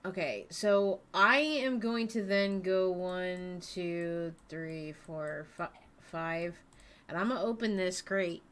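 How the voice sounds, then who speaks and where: A woman player in a tabletop game, working out her move on a video call. She speaks slowly and unhurriedly, thinking aloud as she goes. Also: fairly low pitch, a bit bright, smooth. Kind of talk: casual tabletop play.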